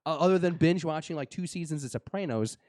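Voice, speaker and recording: A man's voice: fairly high pitch, animated, fast, a little mellow, dry recording, clean studio sound. A young man hosting a podcast, chatting casually and jokingly, with lots of fillers and restarts. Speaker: podcast host. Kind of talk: casual live-show chat.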